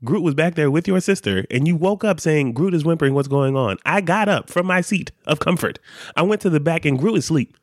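A man's voice: on the high side, brisk, no room sound. A man chatting casually as a podcast co-host, his voice swinging up and down as he tells stories. He jokes, laughs and curses freely. The sound is dry and close to the mic. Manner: animated, laughs often, swears casually. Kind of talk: casual chat and story reading.

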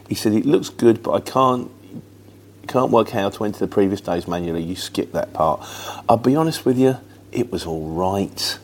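A man's voice: on the low side, a little mellow, slight background noise. A middle-aged man from Luton with a Mockney market-trader accent, chatting casually as a truck driver answering viewer questions, rambling and plain-spoken with lots of fillers. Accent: Luton, with a Mockney market-trader twang. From England.

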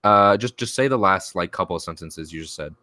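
A young man co-hosting a casual podcast over a video call, joking and quick to react. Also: low voice, bright, forceful tone, no room sound.

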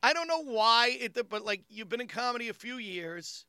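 A comedian telling stories in casual chat, acting out the people in them. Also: male voice, very high-pitched, moderate pace, smooth, no room sound, studio quality. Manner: animated, acts out voices in his stories. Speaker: comedian guest.

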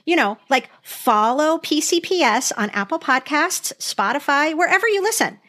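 A woman's voice: high-pitched, expressive, moderate pace, pushed and bright. A woman hosting a casual podcast game, laughing often and sounding exasperated. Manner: giggly, exasperated. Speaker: podcast host.

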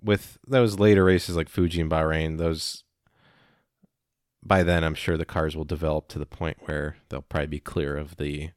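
A man chatting casually as a podcast co-host, rambling and halting with many fillers. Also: a bass voice, flat delivery, dry recording, clean studio sound. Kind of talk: casual chat.

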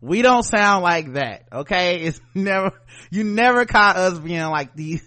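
Southern man co-host: slightly high voice, animated and joking, casual podcast chat. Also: a little slow.

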